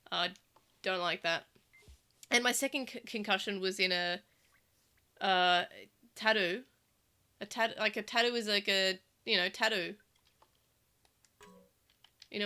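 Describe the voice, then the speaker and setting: An Australian woman chats loosely while playing through a game on stream. Her voice is bright and clear, sitting at a middle pitch, and her talk rambles along with lots of ums and restarts. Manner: rambling, with many fillers and restarts. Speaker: let's play streamer. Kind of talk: casual gameplay chat.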